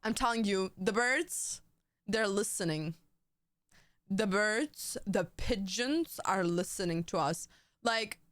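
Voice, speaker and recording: Young woman streamer, casual profane banter, smooth clear voice, dry close sound. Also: medium pitch, fairly bright tone, no room sound. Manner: rambling, profane, jokey banter. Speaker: livestreamer. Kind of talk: casual livestream chat.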